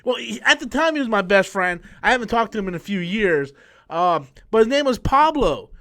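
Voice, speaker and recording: A man's voice: sits high, big pitch swings, fairly quick, sharp tone. A man hosting a casual live stream and telling rambling, profane stories full of restarts. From New York. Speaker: channel host.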